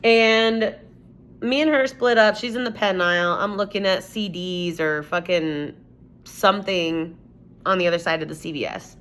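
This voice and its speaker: A woman's voice: lowish voice, normal speed, fairly bright tone. A young woman vlogger telling a personal story in a rambling, casual way, swearing often and saying "like" a lot.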